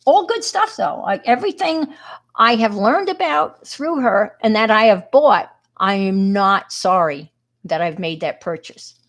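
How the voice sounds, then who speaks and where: A woman's voice: medium pitch, animated, unhurried. A middle-aged woman with a New York accent, chatting casually with viewers on a crafting livestream and greeting them by name.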